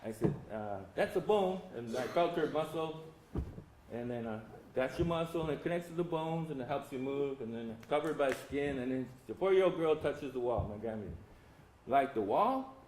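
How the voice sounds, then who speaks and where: A man's voice: medium pitch, lively intonation, normal speed, a little mellow, slight background noise. An older man telling folksy, humorous stories to an audience at a symposium and talking to them directly. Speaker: symposium speaker. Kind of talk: storytelling talk to an audience. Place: lecture hall. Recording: roomy hall sound, faint ambience.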